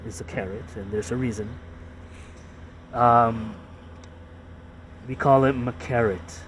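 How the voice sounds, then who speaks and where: A man casually explaining his own ads in a halting, repetitive way, full of fillers and restarts. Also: medium pitch, steady tone, recorded from a distance, slight background noise.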